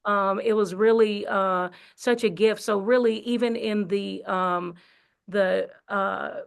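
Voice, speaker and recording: A woman's voice: mid-range voice, fairly even intonation, slow pace, gravelly. A woman, an actress, telling her story in a casual interview, chatty with many fillers and restarts. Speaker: actress and singer, interview guest. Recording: radio studio interview.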